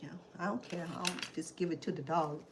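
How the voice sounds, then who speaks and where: A woman's voice: lowish voice, steady tone, a little fast, noisy background. Chatty Cambodian-accented woman cooking. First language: Khmer. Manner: chatty, rambling storyteller. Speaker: cooking show host. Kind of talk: casual chat while cooking.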